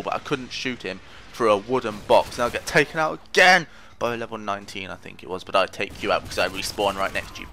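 A man with a low voice rambles through casual gameplay commentary, joking at his own expense and taunting the players he meets. His tone is bright and forceful, with a faint hiss of noise underneath. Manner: rambling, self-mocking, trash-talks opponents. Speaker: gaming commentator.

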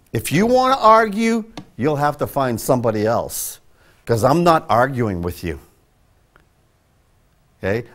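A man preaching a sermon from a church pulpit, emphatic and conversational. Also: fairly bright tone. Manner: emphatic, conversational preaching with sudden pitch jumps. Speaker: pastor. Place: church sanctuary.

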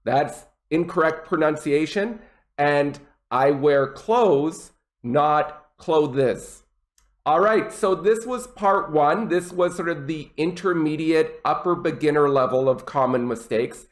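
Slow, deliberate male English teacher. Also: on the high side. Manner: slow, deliberate explaining with examples. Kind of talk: English lesson.

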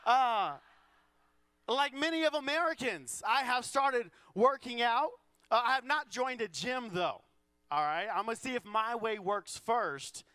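A man's voice: very high-pitched, unhurried, sharp tone, clear, resonant tone, no echo. A man preaching a sermon, a joking, self-deprecating pastor who acts out the voices in his stories. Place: church auditorium.

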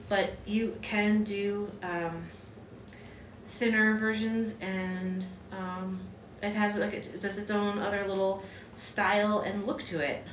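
A woman's voice: mid-range voice, recorded from a distance, slight background noise. Chatty woman teaching lettering in a roomy space. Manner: chatty, rambling, many fillers and restarts. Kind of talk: casual livestream lesson. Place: room at home. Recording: echoey room, voice from off-mic.

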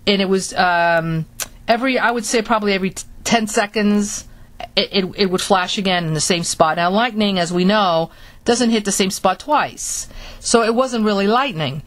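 A woman from Florida telling a personal story in a halting manner, with many restarts. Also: mid-range voice. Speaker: speaker recounting her experiences.

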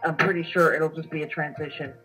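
A woman's voice: low voice, fast talker, faint music behind, poor audio. A young woman recounting a dream in casual conversation, acting out the quoted lines as she tells it. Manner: animated storytelling with acted-out quotes. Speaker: co-host.

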